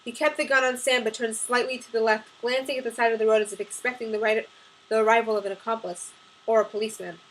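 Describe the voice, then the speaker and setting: A woman's voice: fairly high pitch, flat delivery, quick pace, a bit bright, low-quality recording. A woman reading aloud from her own novel, chatting casually with ums before she begins. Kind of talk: audiobook-style chapter reading.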